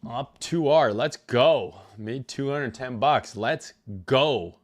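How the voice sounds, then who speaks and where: Speaking slowly in a mid-range voice, a man runs a crypto trading livestream as he recovers from being sick. He swears casually, keeps things loose, and reads chat names aloud to greet viewers.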